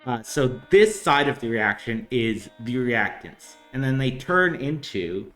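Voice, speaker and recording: A man's voice: mid-range voice, sing-song, measured pace, fairly bright tone. A man casually tutoring chemistry on a livestream, rambling and hesitant with many fillers and chatty asides. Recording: roomy echo, faint guitar music behind.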